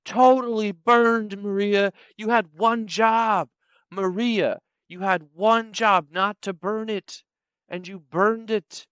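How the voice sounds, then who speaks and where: A bossy woman manager, as a man puts her on, scolds a worker in quick, raised bursts. The voice sits high and loud for the speaker. The sound is dry and close. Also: fairly even intonation, clean tone, no echo. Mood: exasperated. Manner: exasperated, scolding, rapid.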